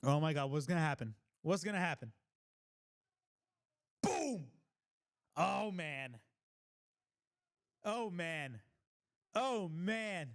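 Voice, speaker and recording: A man hosting a live wrestling reaction stream, talking casually, swearing freely and bursting into exclamations and shouts. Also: fairly high pitch, takes it slowly, pauses often. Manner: excitable, blurts exclamations and shouts at big moments.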